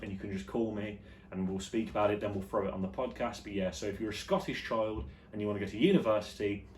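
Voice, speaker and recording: A man hosting his own vlog show, chatting casually and jokily about the news, his voice jumping between loud and quiet. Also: lowish voice, slight background noise. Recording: echoey room with faint ambience.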